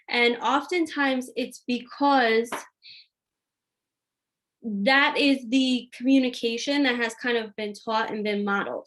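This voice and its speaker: A woman's voice: high-pitched, fairly bright tone. A woman hosting a live question-and-answer session on a video call, giving parenting advice in a casual, chatty way with frequent fillers.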